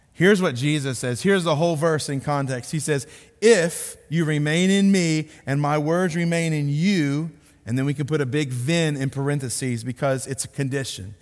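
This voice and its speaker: A male pastor delivers a sermon in an earnest way, repeating key words and sinking his voice low to stress a point. His voice sits at a middle pitch. Long reverb from a large hall trails behind each phrase.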